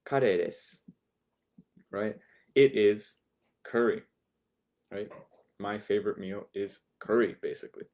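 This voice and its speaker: Slow, low-voiced man teaching a class. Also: a little mellow. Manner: patient, explanatory, repeats words for drill. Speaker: language teacher. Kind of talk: recorded online lesson.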